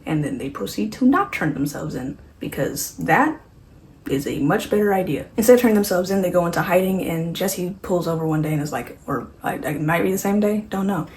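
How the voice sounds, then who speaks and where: A woman's voice: on the low side, lively intonation, brisk, a little mellow. A woman casually recapping a horror movie while doing her makeup, rambling, correcting herself and tossing in sarcastic asides. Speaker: beauty vlogger.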